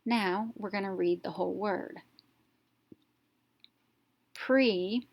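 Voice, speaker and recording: A woman teacher giving a step-by-step phonics lesson, slowly sounding out letters one at a time. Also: on the low side, fairly even intonation, dull audio.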